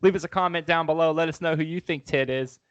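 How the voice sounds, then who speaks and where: A man co-hosting a podcast, chatting casually, excitable, swearing and acting out little scenes. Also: fairly high pitch, fast talker, clean tone, dull audio. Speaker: podcast co-host. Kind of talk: casual chat.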